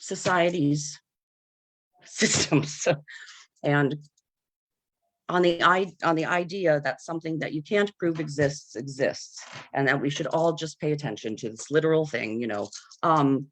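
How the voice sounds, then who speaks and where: Over a video call, a panelist in an unscripted discussion searches for words earnestly and haltingly, dropping plenty of fillers and nervous laughs. The voice sits in the mid range, and the audio carries no room sound.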